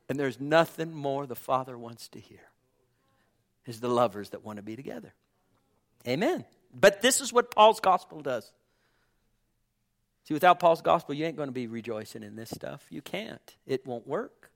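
Preaching with passion, a male pastor swings between loud calls and whispers, repeating phrases to shouts of amen. His voice sits on the high side, with a sing-song lilt, moderate pace, and some vocal fry.

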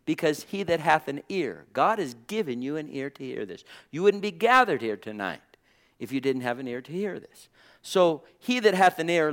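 A man's voice: on the high side, fairly bright tone. A man preaching a sermon as pastor to a gathered congregation, fervent and drawn out, with frequent praise interjections. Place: church gathering.

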